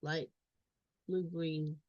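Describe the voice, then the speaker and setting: Extremely slow and fairly flat in pitch, a woman's low, slightly mellow voice takes a learner through reading step by step, repeating sounds and words on screen. It's a dull lo-fi recording with no echo.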